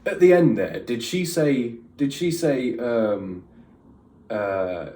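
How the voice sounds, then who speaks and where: A man's voice: medium pitch, animated, slow, warm tone. A man hosting a reaction video, chatting casually and giving opinions in a rambling way with lots of fillers. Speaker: reaction channel host. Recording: roomy echo, mic at a distance, faint music.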